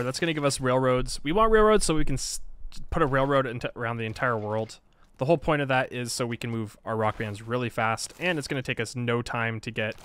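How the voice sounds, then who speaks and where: A man's voice: medium pitch, fairly bright tone. Playful man in mock-annoyed game commentary. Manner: playful, self-mocking, laughs often, mock-annoyed. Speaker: gaming video creator. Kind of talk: casual let's-play commentary.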